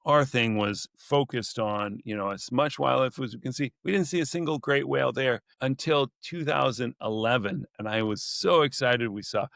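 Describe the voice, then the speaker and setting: Ask: a lively naturalist man, storytelling. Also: medium pitch, normal speed, gravelly, few pauses, no room sound. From California. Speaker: naturalist guest. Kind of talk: casual podcast interview.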